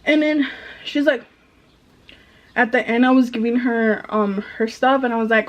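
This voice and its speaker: A woman's voice: fairly high pitch, normal speed, long pauses, dull audio. A young adult woman telling a frustrated, casual storytime about a retail job, swearing freely. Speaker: vlogger, retail manager.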